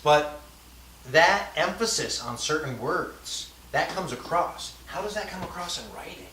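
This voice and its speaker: This male language instructor speaks with a fairly high, expressive voice, a sharp tone, and a measured pace. Lecturing conversationally, he often adds fillers and checks in with students. It was recorded far away in an echoey classroom, and a faint hiss is audible.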